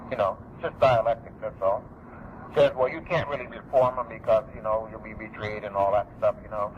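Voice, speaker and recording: A middle-aged man giving an emphatic, repetitive public lecture, preserved on an archival recording. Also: fairly high pitch. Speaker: speaker. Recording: dull lo-fi archival recording with faint noise.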